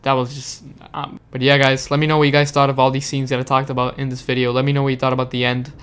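A man's voice: mid-range voice, monotone, quick pace, a bit bright, clean tone. A man giving a frustrated, swearing, dejected rant in a casual video review, sounding upset. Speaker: show reviewer.

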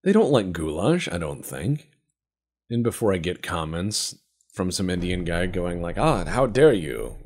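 A gameplay commentator provides let's-play commentary while playing a strategy game, rambling with jokes and profanity. His voice is low-pitched and expressive, at a measured pace.

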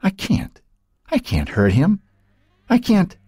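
An audiobook narrator voicing a desperate young woman who swings between rage and pleading, her voice shrill and breaking. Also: huge pitch swings, slow, warm tone, slightly rough, exaggerated voice.

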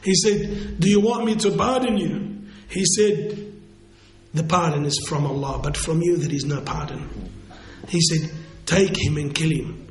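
Man lecturing in an echoey room. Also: a little high. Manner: halting, restarts phrases, slow emphatic quotes. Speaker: Islamic lecturer. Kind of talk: storytelling lecture. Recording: echoey room with faint noise.

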